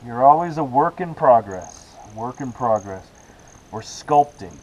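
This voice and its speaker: A man teaching a beginner yoga class, calling out poses and breaths in relaxed, encouraging cues with casual asides. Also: medium pitch, a little slow, rough recording. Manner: relaxed, encouraging cueing with self-aware asides. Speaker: yoga instructor. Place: outdoors with rain and hummingbirds about.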